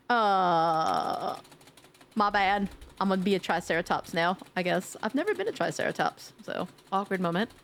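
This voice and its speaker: A woman streaming live in a casual, playful chat, teasing her viewers and laughing loudly. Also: expressive, moderate pace, a little hiss or hum. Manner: drops to a low sultry tease at times.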